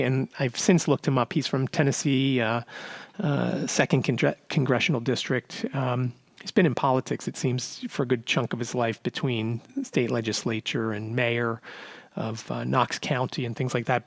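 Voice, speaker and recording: A man's voice: mid-range voice, dry recording. A man hosting a podcast, telling a casual story with many fillers and restarts. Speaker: podcast host.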